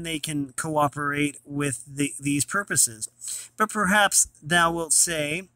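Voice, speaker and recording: A man's voice: fairly high pitch, bright, forceful tone, dry recording. A young man reading an old philosophy text aloud, stumbling and restarting often over the archaic words. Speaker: reader of classic texts.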